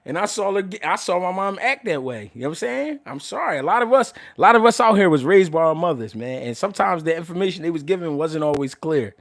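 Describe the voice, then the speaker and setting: Young adult male host, loud and animated, slightly high voice with wide pitch swings, casual and profane. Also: fast, vocal fry, few pauses. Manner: loud, animated, laughs often, swears freely. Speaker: boxing commentator and show host. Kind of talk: casual livestream talk.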